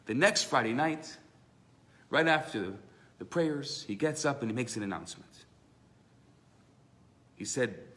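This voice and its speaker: A man teaching a live class as a rabbi, telling stories with lively acted-out voices. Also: medium pitch, measured pace, long pauses. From Canada. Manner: animated storyteller, acts out voices in his tales. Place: synagogue classroom.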